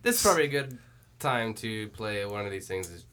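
A man's voice: on the low side, sing-song, a little fast, a bit bright, slight background noise. A man hosting a casual chat while watching a film, joking, riffing and swearing freely. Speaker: podcast host.

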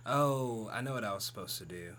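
A podcast co-host reacting playfully, tossing in quick asides and jokes. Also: medium pitch, expressive, fairly bright tone, slight background noise. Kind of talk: casual banter.

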